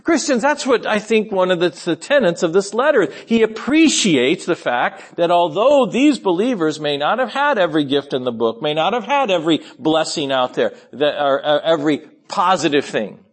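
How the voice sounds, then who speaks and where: Guy preaching a sermon, kinda high voice, earnest and emphatic, trips over words and restarts. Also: very animated, unhurried. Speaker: pastor.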